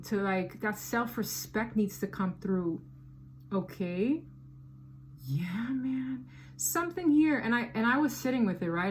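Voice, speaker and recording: A woman giving a casual tarot reading, talking in an animated, slangy and emphatic way. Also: medium pitch, slight background noise. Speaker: tarot reader.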